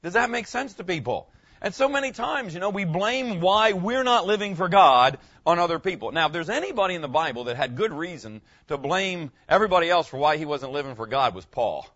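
A man's voice: high-pitched, big pitch swings, fairly quick, a bit bright, lo-fi sound. A middle-aged male pastor preaching in a conversational way, often checking in with "okay?" and restarting his words. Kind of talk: sermon.

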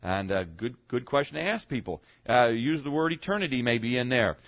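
A man's voice: mid-range voice, animated, moderate pace, no echo, lo-fi sound. A male pastor preaching a sermon in a conversational way, often asking the congregation questions. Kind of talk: sermon on evangelism.

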